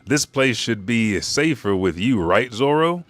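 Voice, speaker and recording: A man voicing a cheerful young pirate captain who calls out in a high, excited voice. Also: unhurried, dry recording. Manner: excited calling out.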